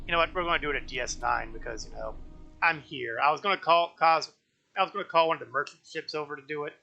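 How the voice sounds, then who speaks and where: A man's voice: fairly high pitch, quick pace, gravelly, sharp tone, dull audio, faint music behind. A man casually commenting while playing a game on a live stream, chatty and self-mocking as he thinks aloud.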